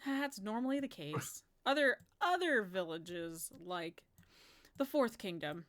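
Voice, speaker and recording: A woman runs a tabletop game as its game master. She narrates in a chatty, easy way at a middle pitch and laughs often. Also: lively intonation, slow.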